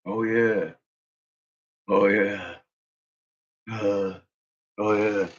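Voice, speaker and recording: A channel host delivers casual, mocking commentary in a mid-range voice that swings widely in pitch, swearing freely and laughing often as he ridicules what he's watching. He speaks slowly with long pauses and a slightly bright tone. The audio is muffled and lo-fi.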